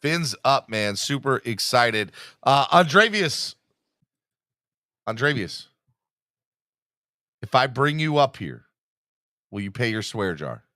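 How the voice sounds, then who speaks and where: A male podcast host talking in a casual, playful way, teasing his listeners. His pitch swings widely as he jokes and hypes himself up. The sound is dry and close to the mic. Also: big pitch swings, takes it slowly, long pauses, bright, forceful tone, dry recording. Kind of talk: casual live podcast chat.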